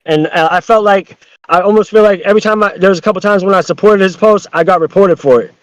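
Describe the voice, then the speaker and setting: Brief: rapid-fire, slightly high-voiced man ranting as a podcast guest, profane and full of restarts. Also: no room sound. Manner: heated, profane, rambling with many restarts. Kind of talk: casual podcast chat. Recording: dull lo-fi dry sound.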